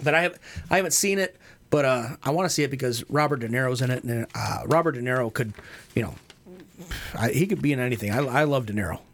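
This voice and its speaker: A man's voice: mid-range voice, fast, fairly bright tone. A man hosting a casual radio talk show, rambling and laughing often as he tells stories. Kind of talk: casual chat.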